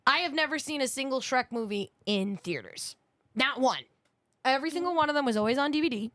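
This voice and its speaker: A woman's voice: high voice, expressive, fairly quick, fairly bright tone, no room sound. A woman in her thirties co-hosting a podcast in casual chat, blunt and swearing freely, laughing as she talks. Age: 30s. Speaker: podcast co-host.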